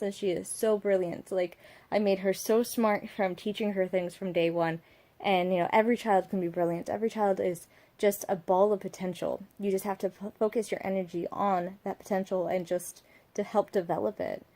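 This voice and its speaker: A woman's voice: mid-range voice, fairly even intonation, normal speed, warm tone. A young woman, a mother, talking reflectively at home in a vlog, rambling with many fillers and asides. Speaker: vlogger, mother.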